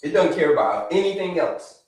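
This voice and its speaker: A man hosting a live health stream, talking with viewers in an energetic, repetitive way and giving them shout-outs. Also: on the high side, normal speed, far from the mic. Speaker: livestream host, health coach. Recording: echoey room, away from the mic.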